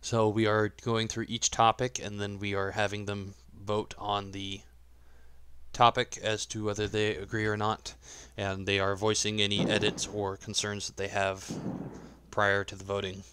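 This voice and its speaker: A man's voice: lowish voice, completely flat delivery, moderate pace, a bit bright, clean tone, dry recording. A man leading a gaming clan meeting in voice chat, patiently explaining the rules step by step. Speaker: clan leader running a meeting. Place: online voice chat.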